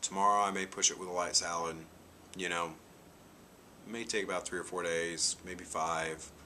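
A man's voice: low voice, steady tone, normal speed, sharp tone, slight background noise. A man in his forties talking casually to his vlog audience, telling a rambling story peppered with "you know". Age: 40s. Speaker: vlogger. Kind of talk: casual chat.

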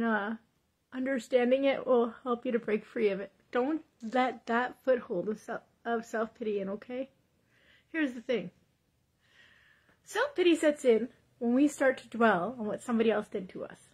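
A woman's voice: on the high side, animated, a little slow, pauses often, a bit bright, breathy edge. A woman giving a devotional confession vlog, teary and fervent, repeating praise and urging viewers. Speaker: Christian vlogger.

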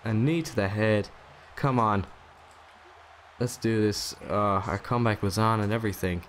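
A young man giving casual, excitable commentary over his own wrestling video game match, swearing and taunting the opponent. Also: fairly low pitch, moderate pace, a little hiss or hum. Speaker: gaming YouTuber.

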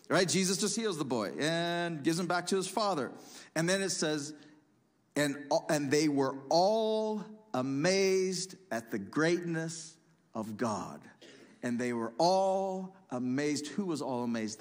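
A man preaching a sermon as pastor, emphatic, swinging between loud punchy lines and quiet asides. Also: a little high. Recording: long hall reverb.

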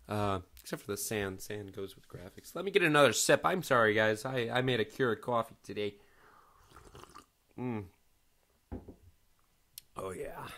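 A man's voice: lowish voice, moderate pace, pauses often, a bit bright. A man giving casual let's-play commentary over a building game, rambling, swearing freely and poking fun at himself. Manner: rambling, profane, self-mocking. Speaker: gaming video host.

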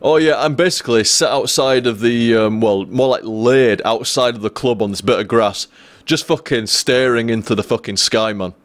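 A man's voice: medium pitch, normal speed, no room sound. Rambling, swearing young man. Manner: rambling, profane, restarts often. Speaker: streamer. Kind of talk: casual storytelling to a live stream.

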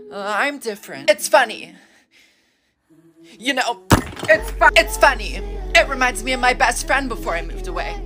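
A man doing an awkward shy anime-obsessed teenage boy. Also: sits high. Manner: awkward, mumbling, suddenly defensive. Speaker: comedy creator. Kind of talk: short comedic sketch.

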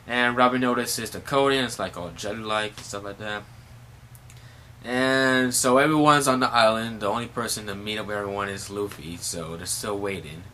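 A man's voice: lowish voice, sharp tone, slight background noise. A man casually recapping a manga chapter, rambling with many fillers. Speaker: manga reviewer.

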